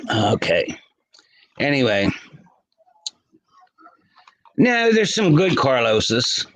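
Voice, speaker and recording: A man's voice: mid-range voice, big pitch swings, drawn-out words, a bit bright, low-quality recording. A man hosting a casual livestream, chatting with viewers by name and laughing often. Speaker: livestream host.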